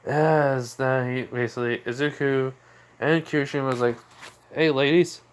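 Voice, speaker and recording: A young man improvises a story aloud in a loose, rambling way, stopping and restarting often. His voice sits in an ordinary middle pitch, casual throughout. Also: fairly even intonation, normal speed, slight background noise. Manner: rambling, full of fillers and restarts. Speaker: fan storyteller.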